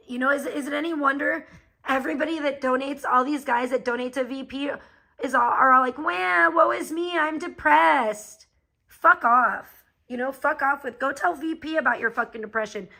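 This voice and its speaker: A woman live streamer with a high, sharp voice rants angrily at her chat. She is heated, profane and confrontational, and the recording is rough.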